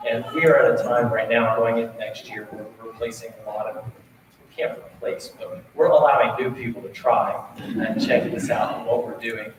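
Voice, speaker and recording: A man's voice: medium pitch, fairly even intonation, moderate pace. Earnest man in an echoey auditorium. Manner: earnest, rambling appeal with fillers and restarts. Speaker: band director. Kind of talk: speaking to a concert audience. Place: school concert auditorium. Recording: echoey hall from far off, room noise.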